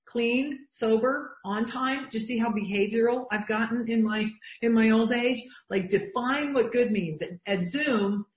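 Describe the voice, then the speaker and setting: A woman's voice: fairly high pitch, measured pace, few pauses. A middle-aged woman leading an online group coaching session, talking with emphatic enthusiasm as she reads from shared lists. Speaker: business coach. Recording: dull, roomy video-call audio.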